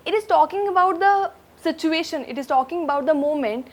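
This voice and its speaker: A woman's voice: extremely high pitch, fairly quick. A woman teacher with an Indian English accent explaining a poem line by line, repeating words for emphasis. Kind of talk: poetry lesson explanation.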